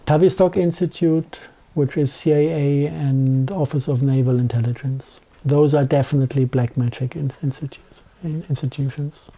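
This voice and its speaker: A man with a thick German accent, a guest in a conversational interview, talking haltingly with many restarts and fillers. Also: fairly high pitch, mellow.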